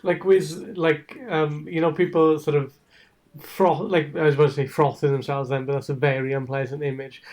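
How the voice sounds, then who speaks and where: A man's voice: fairly high pitch, level tone, normal speed, darkish tone. A man co-hosting a podcast, ranting in a sweary way and laughing through his lines. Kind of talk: casual political chat.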